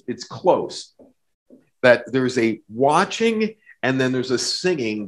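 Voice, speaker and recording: A man teaching a Bible lesson in a conversational way, often repeating words and reading scripture aloud with emphasis. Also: on the low side. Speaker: pastor.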